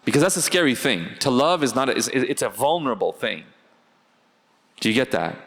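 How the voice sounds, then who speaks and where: A man's voice: mid-range voice, sing-song, a little fast, gravelly, fairly bright tone. A man teaching a religious class in a conversational way, often asking the audience rhetorical questions.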